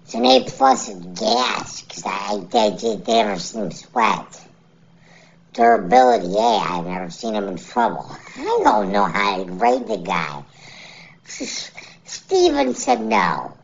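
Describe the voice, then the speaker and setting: A woman giving casual, joking MMA fight picks and grades, animated and laughing often, on a dull lo-fi recording. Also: on the low side, unhurried, gravelly, a little hiss or hum.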